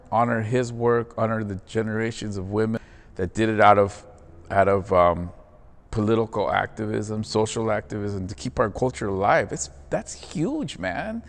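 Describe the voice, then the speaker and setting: Earnest low-voiced man in echoey hall. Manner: earnest, says "man" and "bro" often. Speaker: theater performer and guest. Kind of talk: casual reflective interview.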